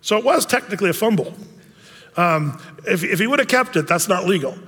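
A man's voice: sits high, lively intonation, brisk, a bit bright, slightly rough, big-room sound. A middle-aged man from Oregon teaching a men's Bible study in a folksy, rambling way, with many fillers, restarts and humorous asides about his own life. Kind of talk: conversational Bible teaching with personal stories.

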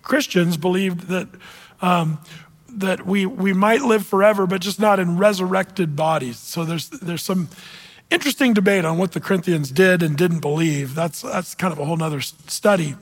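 A man's voice: sits high, normal speed, in a large hall. A man, a pastor, preaching a sermon in a casual, conversational way with everyday fillers.

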